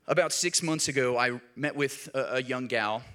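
A middle-aged man, a pastor, preaching a sermon in an animated storytelling way, rising to loud emphasis and dropping to quiet. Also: mid-range voice, normal speed.

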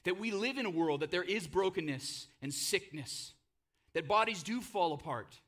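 Bright-voiced preaching man in his thirties. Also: sits high, expressive, normal speed. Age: 30s. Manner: passionate, conversational preaching with frequent "right?". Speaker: pastor. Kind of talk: sermon.

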